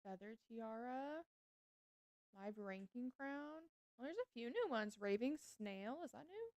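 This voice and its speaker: A woman's voice: on the high side, sing-song, unhurried, darkish tone, dry recording, muffled recording. A woman streaming a game, chatting casually with her viewers and gushing over cute animals.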